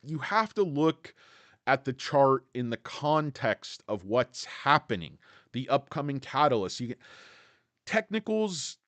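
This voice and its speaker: A man's voice: medium pitch, very animated, a little slow, a bit bright, no room sound. A man hosting a casual stock livestream, talking bluntly and joking with chat viewers between points. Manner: blunt, brash, jokey, greets chat viewers. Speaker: livestream host.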